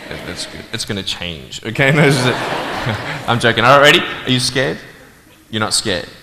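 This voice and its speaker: A man's voice: medium pitch, very animated, normal speed, pushed and bright, a little hiss or hum. A young man giving a live motivational talk to an audience, joking playfully and then turning earnest and searching. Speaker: motivational speaker.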